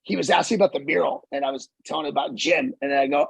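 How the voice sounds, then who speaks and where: A man hosting a casual chat, telling stories in an animated way, swearing freely and laughing as he talks. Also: on the high side, racing, vocal fry, hardly any pauses, slightly rough, no echo, rough recording. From Los Angeles area. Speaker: podcast host.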